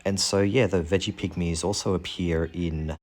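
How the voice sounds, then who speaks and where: Going through pieces of fantasy monster art, the male channel host keeps things relaxed with puns, jokes and self-deprecating humor. He speaks at normal speed in a low-pitched, steady and darkish voice.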